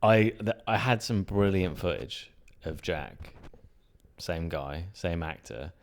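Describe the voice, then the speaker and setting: A man with a notably deep, low-pitched voice talks as a guest in a relaxed conversation. He tells stories with animated energy, laughs readily and drops the odd curse word. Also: takes it slowly, creaky. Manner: animated, laughing, swears casually. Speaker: guest filmmaker. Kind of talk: casual chat.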